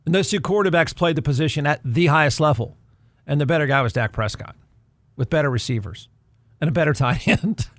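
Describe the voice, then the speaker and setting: A snarky man hosting a sports talk show, his voice sitting notably high. The sound is dry and close, with no room around it. He is middle-aged and piles on the sarcasm. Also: fairly quick, no echo. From Texas. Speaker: podcast host. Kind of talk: sports commentary.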